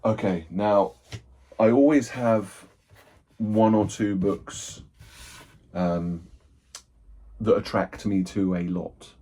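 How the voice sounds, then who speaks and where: A man's voice: fairly low pitch, fairly even intonation, slow pace, long pauses, dark tone. A man chatting casually and rambling as he unboxes and sorts a haul of old books, thinking aloud and poking fun at himself. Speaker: book collector, channel host.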